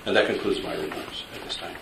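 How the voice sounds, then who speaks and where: A man giving measured, formal remarks as an agency official at a public meeting. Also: sits low, flat delivery, gravelly, noisy background. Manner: measured, procedural. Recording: distant echoey meeting-room mic.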